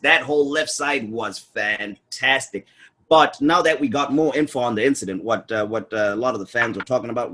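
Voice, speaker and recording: A man co-hosting a casual football chat, asking questions in a relaxed way with plenty of "uh" pauses. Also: medium pitch.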